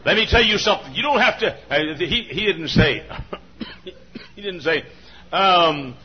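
A man preaching a sermon, repeating his phrases, swinging from shouts down to a low murmur, and often coughing and clearing his throat. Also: expressive, unhurried. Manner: repetitive, builds to shouting, then drops to a low murmur. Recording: dull lo-fi recording with faint hiss.

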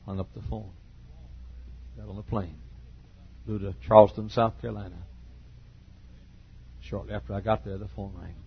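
An older man preaching in a church, retelling a personal story in a halting, heartfelt way with repeated phrases. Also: fairly low pitch, little pitch movement, gravelly, dull audio, slight background noise. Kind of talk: emotional sermon storytelling. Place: church sanctuary.

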